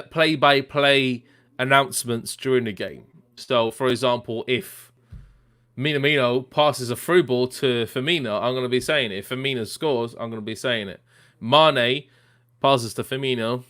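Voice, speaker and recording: A man's voice: mid-range voice, fairly bright tone. A man hosting a football watchalong live stream, chatting casually and reading out viewer comments with lots of fillers. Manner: chatty, many fillers, reads out names and predictions. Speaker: livestream watchalong host.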